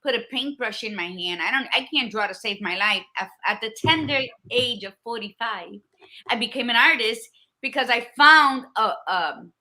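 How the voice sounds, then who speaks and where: Fifties woman, podcast co-host; blunt, profane, emphatic, with a bright, slightly high voice. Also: animated, moderate pace. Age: 50s. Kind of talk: candid casual chat.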